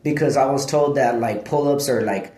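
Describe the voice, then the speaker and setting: A man's voice: mid-range voice, normal speed, mellow. A man vlogging in casual, rambling talk, laid-back and profane, laughing often. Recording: echoey room.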